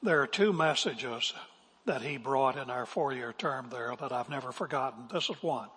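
A man's voice: mid-range voice, moderate pace, bright, forceful tone, husky. A male pastor giving an earnest, emphatic sermon, now and then acting out quotes. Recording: long reverb of a large hall.

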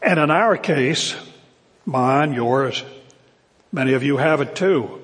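An older male pastor preaching a sermon to his congregation, earnest and emphatic, slowing down to stress key words. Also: medium pitch, fairly bright tone. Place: church sanctuary. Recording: long reverb of a church hall.

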